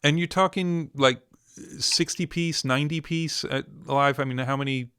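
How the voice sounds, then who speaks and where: A man's voice: medium pitch, moderate pace, a bit bright, clean tone. A man hosting an interview over a video call, curious and asking follow-up questions. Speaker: interviewer, host. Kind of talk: conversational interview.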